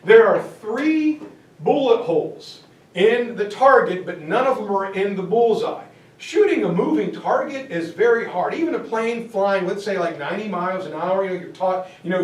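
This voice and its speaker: Animated high-voiced man lecturing in an echoey room. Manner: acts out quick quoted voices, joking asides. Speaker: history lecturer. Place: classroom or lecture hall. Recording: echoey room, mic far off, faint ambience.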